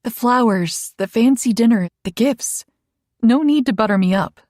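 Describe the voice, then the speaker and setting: A man reading an audiobook voices a sweet, playful young woman with a breathy, teasing manner. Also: extremely high pitch, normal speed, a little mellow, no echo, studio quality, pitched above the performer's own voice. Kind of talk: audiobook narration.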